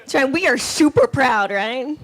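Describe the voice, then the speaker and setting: A woman's voice: sits high, very animated, measured pace, a bit bright. A woman doing a stand-up comedy set on a club stage, punchy and sassy, slipping into impressions of relatives and men.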